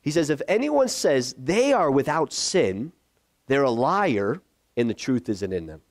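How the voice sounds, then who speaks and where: A man preaching a sermon as pastor, conversational and lively, acting out the voices he quotes. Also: medium pitch, measured pace, no echo, studio quality.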